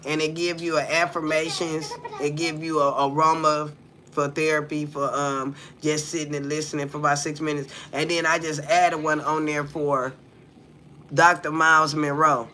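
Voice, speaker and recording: A woman's voice: low-pitched, level tone, moderate pace, sharp tone, slight background noise. A woman from the United States hosting a livestream, talking bluntly and profanely and throwing rhetorical questions at her viewers. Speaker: livestream host. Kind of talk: casual livestream talk.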